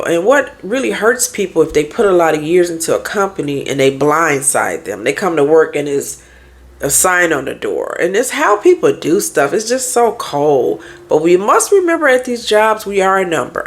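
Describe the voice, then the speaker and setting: A woman therapist and life coach talking candidly in a casual podcast monologue, firing off rhetorical questions to her listeners. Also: lowish voice.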